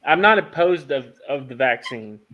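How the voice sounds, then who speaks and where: Halting, easygoing man hosting a livestream. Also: medium pitch, expressive, muffled recording. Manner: halting, restarts with many fillers. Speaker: host of a farm livestream. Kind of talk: casual chat.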